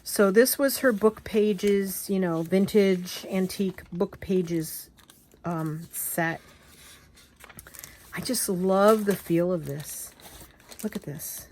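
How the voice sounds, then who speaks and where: A woman vlogger showing off craft papers and fabrics in a gushing, excitable, casual chat, often trailing off and restarting. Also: mid-range voice, takes it slowly, slight background noise. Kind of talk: casual show-and-tell chat.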